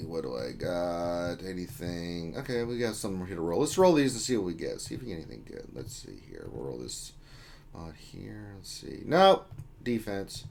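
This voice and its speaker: A man's voice: deep voice, big pitch swings, normal speed, creaky, a little mellow. Man reading out livestream chat. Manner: reads chat names aloud, jokey and loose. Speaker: livestream host.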